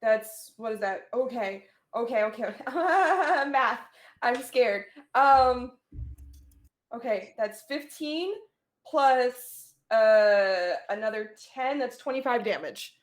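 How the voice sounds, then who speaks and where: A woman playing a tabletop role-playing game, talking in a halting way full of fillers and swearing. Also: on the high side. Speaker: player.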